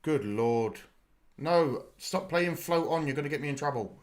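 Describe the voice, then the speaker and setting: A man's voice: fairly high pitch, lively intonation, normal speed, faint music behind. A British man hosting a live reaction stream, chatting casually, explaining slang and swearing freely as part of his everyday speech. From United Kingdom.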